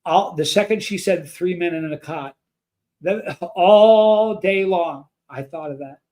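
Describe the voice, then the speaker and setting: A man hosts a livestream and speaks earnestly and emotionally to his chat. He rambles and restarts his sentences often. His voice sits a little high for a man. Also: measured pace, a little mellow. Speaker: livestream host.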